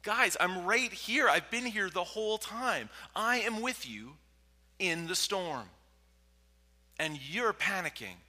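A man acting out Jesus as a calm, reassuring grown man, gently pleading with his friends in a reverberant hall. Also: sits high, takes it slowly, pitched above the performer's own voice, heavily acted.

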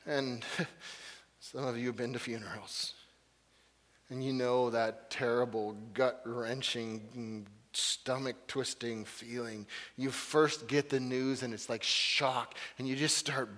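A male pastor preaching a sermon, swinging between loud rhetorical questions and hushed, intimate passages, often repeating his words for emphasis. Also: medium pitch, fairly even intonation, slow, long reverb tail.

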